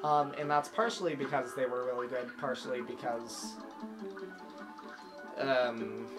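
A gaming channel host with a mid-range voice gives casual, rambling let's-play commentary, getting easily distracted and humming tunes aloud. Video game music plays behind him, and the recording is rough.

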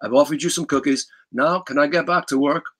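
A man doing an impression of a weary, imposing older male rock star in a deep, slow, gruff voice. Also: a bit bright.

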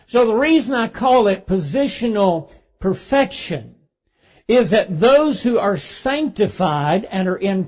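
A Southern pastor preaching a sermon in a fairly high voice, leaning hard on each scripture line he reads out. The sound is dull and lo-fi, like an old church recording. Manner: preaching, reading scripture aloud with emphasis.

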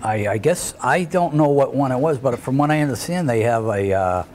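An older man, speaking at an everyday middle pitch and rambling through road stories from his wrestling days. He loses his thread and fills the gaps with "uh" and little chuckles. A faint hum of room ambience sits under his voice. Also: expressive, moderate pace, a little mellow. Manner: rambling anecdotes with fillers and chuckles. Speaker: retired wrestler, interview guest. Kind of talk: shoot interview storytelling.

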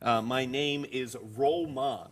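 A man's voice: mid-range voice, fairly even intonation, slow. A man playing a tabletop game, narrating what his character does. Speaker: player. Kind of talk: tabletop role-play narration.

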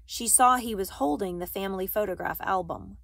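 A woman reads a novel aloud at a measured pace, careful over each sentence and correcting the odd slip. Her voice sits at an ordinary middle pitch. The recording is dry and close. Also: gravelly, fairly bright tone, no echo. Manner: careful, with small slips and self-corrections. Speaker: reader.

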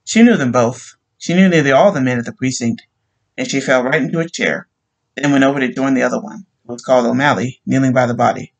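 A man's voice: medium pitch, quick pace, vocal fry, rough recording. Man reading a short story aloud. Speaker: narrator.

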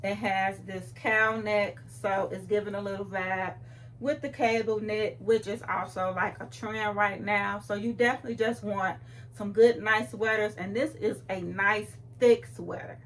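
A woman's voice: medium pitch, steady tone, unhurried, slight background noise. A young adult woman, chatting playfully to camera about clothes, recorded on a phone at home. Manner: chatty, playful, talks straight to viewers. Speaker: fashion vlogger. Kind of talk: casual chat to camera.

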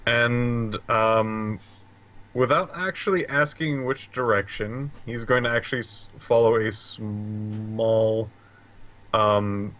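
A man's voice: on the low side, fairly even intonation, takes it slowly, fairly bright tone. A man playing a tabletop game, talking hesitantly with many fillers. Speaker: player. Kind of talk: casual tabletop play.

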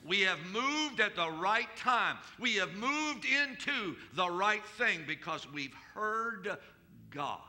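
A male pastor preaching at a church service, his voice pitched high and strikingly bright and cutting. He keeps questioning the congregation and climbs into loud, shouted declarations when he prays. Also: big pitch swings, slow pace. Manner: rises to shouted declarations in prayer. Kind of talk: sermon.

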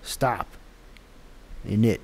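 He draws out his words, and a slight hiss or hum sits in the audio. The man is an app developer testing his own app on camera for a casual screen-recorded tech vlog, muttering to himself in frustration and making self-deprecating asides as he debugs.

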